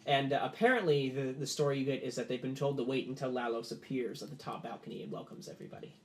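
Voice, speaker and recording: A man narrating as game master in a tabletop game, relaxed with lots of fillers. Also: medium pitch, quick pace.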